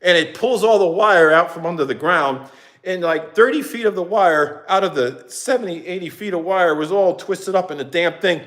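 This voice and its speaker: A man's voice: high-pitched, normal speed. A middle-aged man ranting in a casual, rambling way to his viewers, acting out what others said. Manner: animated, rambling, acts out quotes. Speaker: vlogger.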